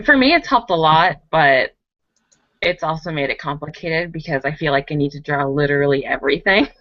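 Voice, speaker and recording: Brief: low-pitched woman panelist, giggly, hesitant, dull call audio. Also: fairly bright tone, no room sound. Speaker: panelist, animator. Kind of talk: casual online panel chat.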